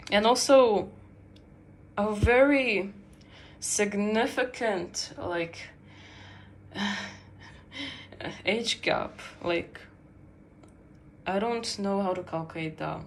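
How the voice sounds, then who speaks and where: A woman's voice: medium pitch, drawn-out words, pauses often, slight background noise, low-quality recording. A woman streamer chatting casually while she draws, rambling and giggling with lots of fillers. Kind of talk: casual livestream chat while drawing.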